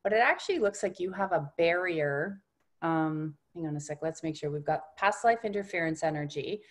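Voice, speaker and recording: A woman guiding an energy-healing session, speaking softly and reassuringly, often dropping to a hushed tone. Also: low voice, lively intonation. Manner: unhurried, reassuring coaching. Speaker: energy healer.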